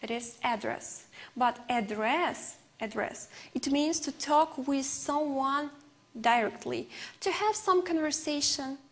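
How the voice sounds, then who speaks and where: Woman, English teacher, Uzbek first language, high voice, unhurried, patient explanations. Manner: explains slowly with repeated examples and fillers; non-native English phrasing. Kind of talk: televised language lesson.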